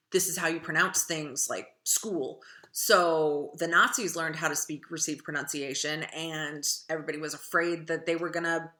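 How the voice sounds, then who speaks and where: A woman's voice: fairly low pitch, sharp tone. A young adult woman teaching writing in a casual, chatty lecture, with many fillers and digressions. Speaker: writing instructor.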